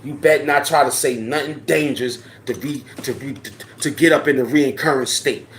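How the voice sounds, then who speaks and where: Male vlogger, middle-pitched voice, profane confrontational rant with repeated dares, faint background noise. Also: moderate pace. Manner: swings from low mutter to loud challenge. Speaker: channel host. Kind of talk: direct-to-camera rant.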